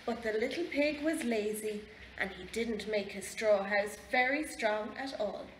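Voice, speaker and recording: A woman with an Irish accent reading a picture book aloud to children in a library, slow and expressive. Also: mid-range voice. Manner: slow, expressive, lively storytelling. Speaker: library storyteller. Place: library room. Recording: echoey library room, faint background noise.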